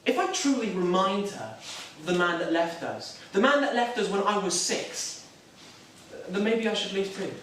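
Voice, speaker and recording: A man's voice: high-pitched, big pitch swings, normal speed, fairly bright tone, slight background noise. An actor playing a nervous, self-doubting young Catholic man, talking in a hesitant, wry, self-deprecating way in a stage drama. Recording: echoey room, mic far off.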